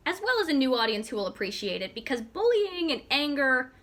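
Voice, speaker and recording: Bright, lively American woman hosting. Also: high-pitched, brisk. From United States. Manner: earnest, heartfelt. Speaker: interview host. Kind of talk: interview.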